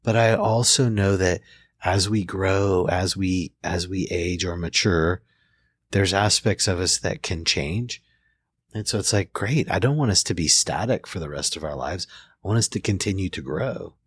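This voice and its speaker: This therapist host, a man in his forties, has a deep, slightly breathy voice and a moderate pace. He shares reflective stories in a casual podcast conversation, often restarting his sentences, with no echo present.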